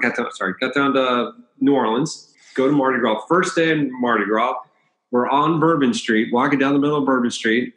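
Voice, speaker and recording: A man in his fifties, a podcast guest telling a personal story in a rambling, self-correcting, lively way. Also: mid-range voice. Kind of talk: storytelling in conversation. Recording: roomy echo.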